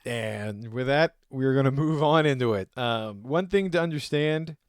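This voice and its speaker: A man's voice: mid-range voice, lively intonation, measured pace, clean tone, dry recording, clean studio sound. Joking man ranting on a podcast. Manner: joking, ranting, acts out quotes. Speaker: podcast co-host. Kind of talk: casual podcast chat, mock rant.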